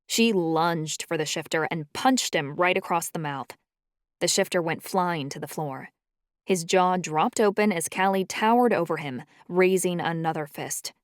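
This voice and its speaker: A woman narrating a first-person audiobook in a steady storytelling manner on a close mic. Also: on the low side, measured pace, no room sound.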